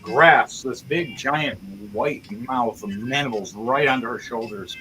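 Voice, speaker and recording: A man's voice: medium pitch, measured pace, poor audio. Guy running a d&d game, swears a lot, describes the gore big, music going behind him. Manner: casual and profane, vivid gory narration. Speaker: game master. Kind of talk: narrating a tabletop game. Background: background music.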